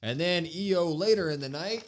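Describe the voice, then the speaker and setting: Animated man recapping wrestling. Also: on the high side, moderate pace. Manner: animated, reads out quotes with emphasis. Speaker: podcast co-host.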